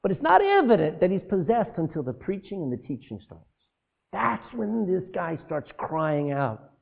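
A man preaching a sermon, animated, asking the congregation rhetorical questions and breaking into asides. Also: high voice, moderate pace, gravelly. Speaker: pastor. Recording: tinny phone-like lo-fi sound.

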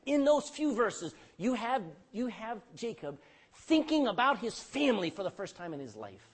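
Animated preaching man, lively swings. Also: sits high, moderate pace, slightly rough. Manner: animated preaching, swings between loud and hushed; calls for amen from the congregation. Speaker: pastor. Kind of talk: sermon.

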